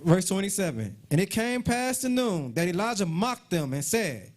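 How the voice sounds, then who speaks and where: Lively high-voiced man reading scripture. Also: normal speed. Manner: steady reading of verses with verse numbers. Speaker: scripture reader.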